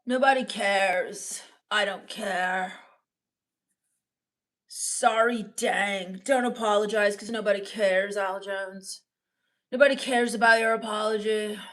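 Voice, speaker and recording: A woman playing a sullen, bitter teenage goth girl in live-stream character comedy, mopey, deadpan and scornful as she reads the chat. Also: mid-range voice, slow. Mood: sulky.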